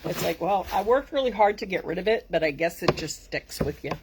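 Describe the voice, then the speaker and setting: A woman's voice: on the low side, lively intonation, fairly quick, background noise. A woman with a Boston accent hosting a casual live craft tutorial, chatty and bubbly, rambling asides to her viewers. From Boston area.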